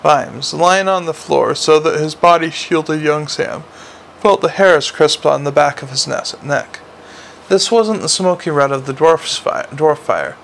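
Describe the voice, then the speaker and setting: A man's voice: fairly high pitch, a little slow, gravelly, a bit bright, a little hiss or hum. A man narrating a fantasy story aloud, often stumbling and restarting words. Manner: reads with frequent slips and restarts. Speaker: audiobook narrator. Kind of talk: audiobook narration.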